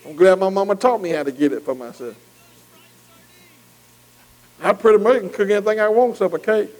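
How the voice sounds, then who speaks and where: A man's voice: high-pitched, fairly quick, a little mellow, poor audio. A man preaching a folksy sermon, calling out to the congregation. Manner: folksy, call-and-response preaching with dialect.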